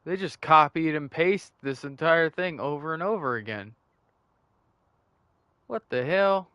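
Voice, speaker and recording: A man's voice: fairly high pitch, animated, measured pace, bright, forceful tone, clear, resonant tone, no room sound, dull audio. A young man giving casual, rambling and profane commentary while playing a video game. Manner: rambling, joking, profane, laughs at his own bits. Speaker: gameplay streamer.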